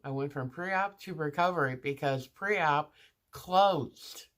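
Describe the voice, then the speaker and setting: A woman's voice: sits low, slow pace, fairly bright tone. A woman vlogger telling a casual story in a chatty monologue, with restarts and asides, acting out the other people in it.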